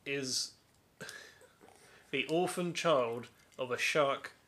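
A man's voice: medium pitch, very slow, sharp tone. A man in a casual film chat, tossing in jokey quips and giggles.

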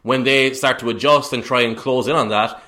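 A man's voice: mid-range voice, steady tone, a little fast, bright, forceful tone. A man co-hosting a casual sports podcast, rambling through football analysis with frequent laughs. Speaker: podcast co-host.

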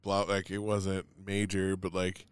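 A man's voice: deep voice, completely flat delivery, measured pace, smooth, no echo. A man in casual chat, telling a long story in a rambling way, full of "like" and swearing.

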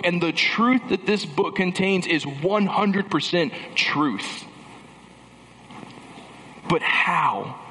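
A man's voice: mid-range voice, fairly bright tone. A man preaching a sermon in a church, emphatic, building through repeated phrases, with dry sarcastic asides. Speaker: pastor. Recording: long reverb of a large hall with faint background noise.

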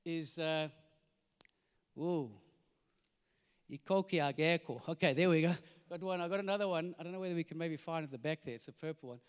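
A man preaching a sermon in a large church, energetic and jokey, acting out little voices in his stories. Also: on the high side, a little fast, long pauses, clear, resonant tone. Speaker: pastor. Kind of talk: sermon with comic storytelling. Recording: reverberant church hall.

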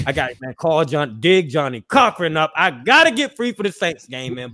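A man's voice: a little high, very animated, moderate pace, sharp tone. Emotional, apologetic male podcast co-host. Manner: emotional, apologetic, profane, repetitive. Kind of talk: emotional personal monologue.

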